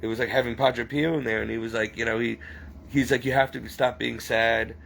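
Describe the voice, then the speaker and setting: A man rambling through an emotional personal confession, halting and near tears as he speaks. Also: medium pitch, fairly even intonation, gravelly, a bit bright, a little hiss or hum, rough recording.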